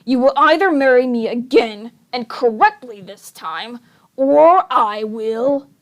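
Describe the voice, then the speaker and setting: A woman voicing a scheming, villainous male count in a storybook reading, drawing out loud threats. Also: fairly high pitch, expressive, takes it slowly. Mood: menacing.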